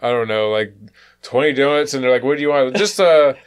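A man co-hosting a casual sports podcast, telling stories in an animated way and mimicking the people he talks about. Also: mid-range voice, quick pace, smooth. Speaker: podcast co-host. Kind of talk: casual chat.

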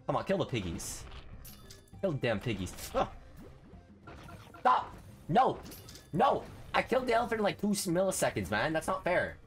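A young man commentating his own gameplay, excitable and quick to groan or yelp, repeating words in bursts. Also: fairly high pitch, faint music behind. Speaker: gaming streamer.

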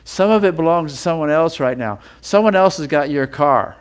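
A man teaching a sermon with feeling, building up with repeated phrases and reading scripture in a slower, lower voice. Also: lively intonation, smooth. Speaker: Bible teacher.

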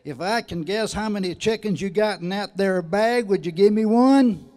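A man's voice: sits high, normal speed, darkish tone, voice pushed up, close to an everyday voice. A man doing an eager old hillbilly.

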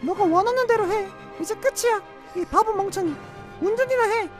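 Super high fast-talking girlfriend, a guy putting her on, frustrated and nagging. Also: over music. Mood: frustrated pleading. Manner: pleading, rapid, exasperated. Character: young woman nagging her driving boyfriend.

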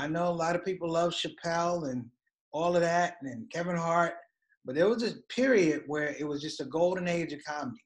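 A middle-aged man teaching a comedy writing workshop in a conversational, engaging way. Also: fairly high pitch. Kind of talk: workshop talk.

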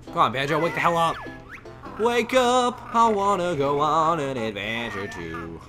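A man voicing a panicky young girl in a game, crying out in high squeals. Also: big pitch swings, measured pace, music in the background. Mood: impatient.

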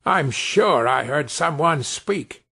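Sly, furtive grown thieves, as a storyteller plays them, talking in a wary, hushed way. The voice is husky and slow, and its pitch moves around a lot. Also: male voice, animated, exaggerated voice.

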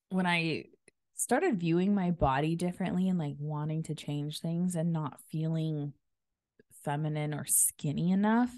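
A woman's voice: on the low side, no room sound, studio quality. A woman in her thirties hosting a casual solo podcast, upbeat and chatty with lots of filler words, buzzing after a workout. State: energized after a workout class. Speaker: podcast host.

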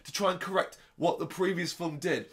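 A man co-hosting a casual movie review chat, animated and sarcastic, swearing often. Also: sits high, fairly quick. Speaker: podcast co-host.

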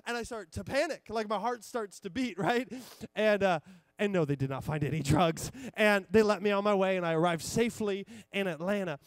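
A man's voice: high voice, fairly quick, dry recording, clean studio sound. A young adult man telling a long, rambling personal story during a church sermon, with many restarts and fillers. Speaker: pastor. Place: church stage.

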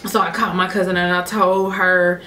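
A woman's voice: on the low side, flat delivery, moderate pace, bright, forceful tone, reverberant, slight background noise. A woman vlogger telling a personal story to her viewers in a candid, chatty way. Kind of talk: storytime vlog.

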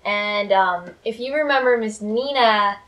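A woman's voice: mid-range voice, a little slow, fairly bright tone. A woman co-hosting a family vlog, thanking other channels in a friendly, slightly hesitant way with many fillers. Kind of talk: casual chat.

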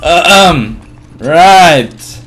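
A man giving gameplay commentary, muttering quietly between excitable, laughing outbursts at the game. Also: fairly high pitch, very slow, heavy background noise. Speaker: let's play host.

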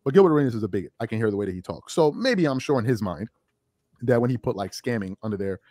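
Man, mid pitch, animated, blunt, mocking, joking insults, opinion commentary, dry close sound. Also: fast talker, no echo. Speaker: online commentator.

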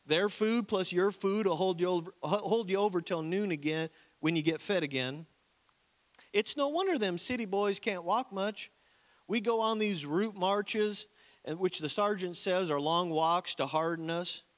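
In a sermon, a man reads a comic letter home as a naive young Marine recruit from the country, faking a Southern drawl that's folksy and put on. His voice is high and fairly bright, and he speaks at a normal speed.

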